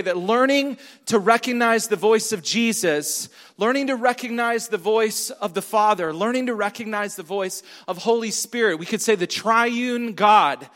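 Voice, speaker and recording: A pastor preaching a sermon, emphatic and repetitive, asking the congregation questions. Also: male voice, high voice, a bit bright. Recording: long hall reverb.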